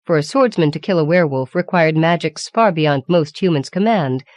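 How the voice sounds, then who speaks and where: A woman reading a fantasy audiobook in a measured, even storytelling manner. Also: low-pitched, no echo. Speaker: audiobook reader. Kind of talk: scripted narration.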